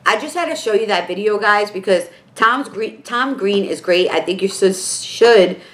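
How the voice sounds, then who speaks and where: A woman's voice: medium pitch, moderate pace. Chatty New York woman vlogger. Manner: excitable, rambling with many fillers. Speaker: makeup vlogger. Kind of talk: casual chat to camera.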